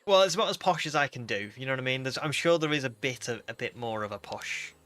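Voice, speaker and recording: A man's voice: mid-range voice, lively intonation, fast talker, fairly bright tone, no echo, faint music behind. Chatty British man streaming. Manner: chatty, reads chat aloud, rambling with fillers. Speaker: game streamer. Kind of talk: casual live-stream chat.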